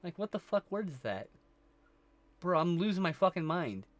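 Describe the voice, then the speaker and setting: A man's voice: high-pitched, big pitch swings, normal speed, dry recording. Rambling, swearing stoned male streamer. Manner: rambling, scattered, swears a lot. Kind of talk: casual chat with chat.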